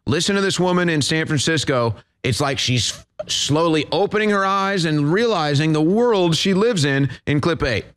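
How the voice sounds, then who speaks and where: A man's voice: fairly high pitch, animated, normal speed, hardly any pauses, smooth. A man hosting a commentary show, ranting and mocking as his voice rises in heated bursts. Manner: ranting, mocking, rising to shouts. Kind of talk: political commentary rant.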